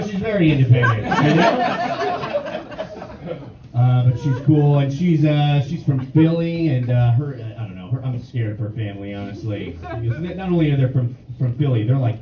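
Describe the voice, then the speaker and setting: A man's voice: a little high, dull audio, heavy background noise. A young man from New York doing a stand-up set, with a dry, self-deprecating delivery, to a laughing audience in a comedy club. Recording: echoey club, mic at a distance, crowd.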